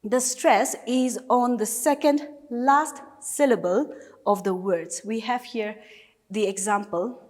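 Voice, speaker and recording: Slow and fairly high-pitched, with a little mellowness, this Nagaland teacher's voice carries a Naga English accent. She works through her recorded lesson patiently, one step at a time, giving examples again and again.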